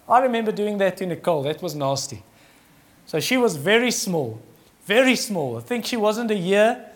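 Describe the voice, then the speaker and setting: A man's voice: sits high, very animated, normal speed. A middle-aged man preaching a sermon in an earnest, conversational way that rises in emphasis.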